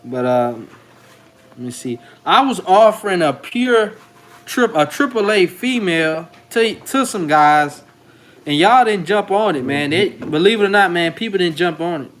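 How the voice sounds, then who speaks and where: Dog breeder guy rambling on his channel, slangy and loose, slightly high voice. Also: lively intonation, measured pace, a bit bright. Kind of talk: casual vlog commentary.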